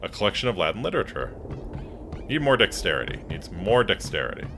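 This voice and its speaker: A man's voice: low-pitched, big pitch swings, quick pace, gravelly, music in the background. A man streaming a game, joking around and reading the game's narration aloud. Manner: playful, jokey, reads narration aloud. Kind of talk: gameplay commentary and reading game text aloud.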